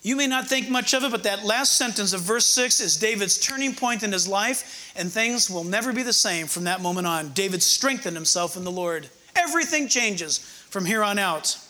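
An older male pastor preaching a conversational, humorous sermon, slowing down to read verses with emphasis. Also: sits high, lively intonation, sharp tone.

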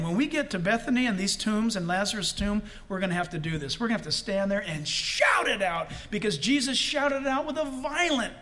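High, bright, animated male preacher. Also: a little hiss or hum. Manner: animated, shouts quotes, laughs often. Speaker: pastor. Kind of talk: sermon.

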